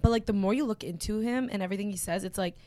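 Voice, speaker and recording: A young woman talking as a podcast guest in casual chat, animated and peppered with "like" and swearing. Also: medium pitch, rapid-fire.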